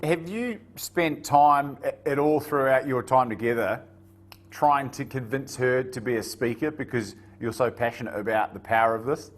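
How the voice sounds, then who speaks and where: A man hosting a podcast, telling stories in a lively, vivid way during a casual conversation. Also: medium pitch, moderate pace. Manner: animated, vivid storyteller. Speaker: podcast host.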